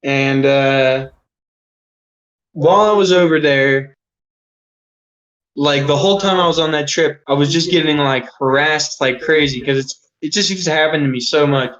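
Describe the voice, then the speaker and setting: A man in his thirties spins a long, rambling story in an off-the-cuff way, swearing freely and leaning on "like". His voice sits a bit high for a man. The recording sounds dull and lo-fi. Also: normal speed, fairly bright tone. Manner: rambling, swears a lot, many "like" fillers. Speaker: interview guest. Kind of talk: casual storytelling.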